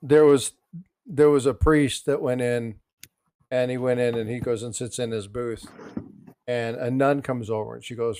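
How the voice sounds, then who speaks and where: A man's voice: mid-range voice, fairly even intonation, moderate pace, a little mellow, clear, resonant tone, dry recording. A man hosting a casual coin channel, rambling through stories and a joke with many restarts. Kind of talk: casual chat.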